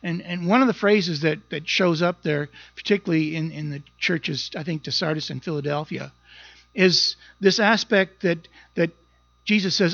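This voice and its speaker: Male pastor, high voice, earnest and emphatic, dry and slightly muffled sound. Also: normal speed, gravelly, fairly bright tone, no room sound. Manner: earnest, emphatic, often repeating words as he goes. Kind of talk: sermon.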